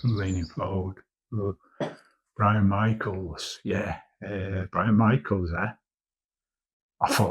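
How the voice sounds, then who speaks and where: A man's voice: sits low, steady tone, slow, long pauses, husky, muffled recording. A man in his fifties, a commercial artist, chatting casually and rambling through a vlog, swearing now and then. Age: 50s.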